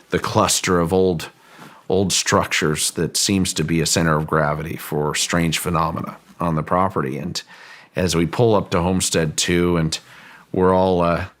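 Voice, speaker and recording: Deep-voiced man telling a story. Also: fairly bright tone. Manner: measured, deliberate recounting with repeated restarts. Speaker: interview guest. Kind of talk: storytelling in a long-form interview.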